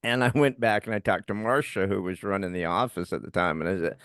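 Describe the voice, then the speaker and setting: A middle-aged man co-hosting a podcast, telling a story in a casual, animated way and laughing often as he talks. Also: fairly low pitch, fast, smooth, dry recording, clean studio sound. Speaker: podcast co-host.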